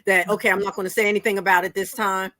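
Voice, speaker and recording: A woman's voice: mid-range voice, flat delivery, racing, sharp tone, no echo. Reflective woman on a dry mic. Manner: reflective, shares personal experience. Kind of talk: casual group discussion.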